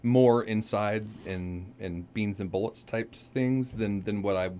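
A deep-voiced man chats as a guest in a radio studio, rambling, stopping and correcting himself as he works through his answers. A faint hum of ambience sits behind him. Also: dark tone. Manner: rambling, halting, self-correcting. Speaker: undersheriff guest. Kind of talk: casual radio interview.

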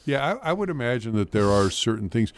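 A man's voice: medium pitch, sing-song, fast. A man hosting a casual interview, asking questions and adding short agreements.

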